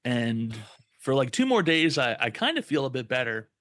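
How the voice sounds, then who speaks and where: A man's voice: mid-range voice, normal speed, no room sound. Profane young man telling a story. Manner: profane, animated retelling with quoted voices. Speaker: podcast co-host. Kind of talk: casual storytelling.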